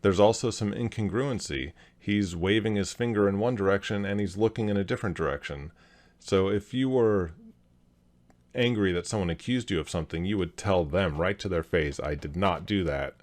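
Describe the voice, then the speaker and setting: A man hosting a video, calmly analyzing a clip and explaining each point step by step. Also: on the low side, normal speed. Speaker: host, body language analyst.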